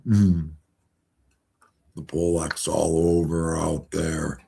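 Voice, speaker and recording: A man's voice: fairly low pitch, expressive, unhurried, creaky, a little mellow, slightly rough. A man, live-streaming and chatting casually in a rambling, folksy storytelling way.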